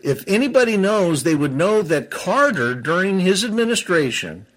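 Man, somewhat high voice, angry talk-show commentator who trips over his words when fired up. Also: very animated, normal speed, fairly bright tone. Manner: heated, stumbles and restarts, self-described seething.

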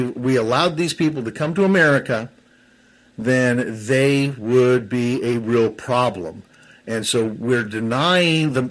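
A man giving heated political commentary on a talk show, often stumbling and restarting his sentences as he gets worked up. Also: medium pitch. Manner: heated, stumbles and restarts, self-described seething.

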